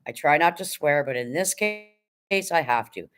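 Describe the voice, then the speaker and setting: A woman's voice: low-pitched, animated, a little slow, a bit bright. A woman hosting a casual livestream, talking bluntly and swearing freely while lecturing viewers and reading out their chat comments. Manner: repeats rallying phrases, addresses viewers directly. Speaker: livestream host.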